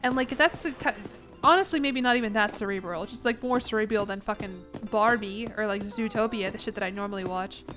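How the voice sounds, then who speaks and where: A woman's voice: mid-range voice, a little fast, fairly bright tone, soft background music. A young American woman streaming a game, chatting in a rambling way with lots of restarts, a bit congested. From United States. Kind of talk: casual gaming stream chat.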